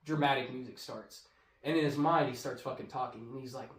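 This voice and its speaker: Young man telling a loud, profane story in an echoey garage. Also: medium pitch, a little fast, a little hiss or hum. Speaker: podcast host. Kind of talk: casual chat. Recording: echoey garage, mic at a distance.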